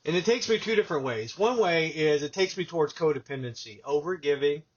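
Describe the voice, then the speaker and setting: Host type: husky male voice, higher pitched, animated storyteller, dull lo-fi audio. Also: a little fast. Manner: animated storyteller, acts out quotes. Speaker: podcast host. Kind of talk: casual conversation.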